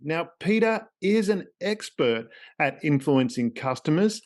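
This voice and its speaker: A man's voice: on the high side, very animated, measured pace, few pauses. An Australian man hosting a business podcast with a playful, theatrical delivery and fond wordplay. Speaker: podcast host.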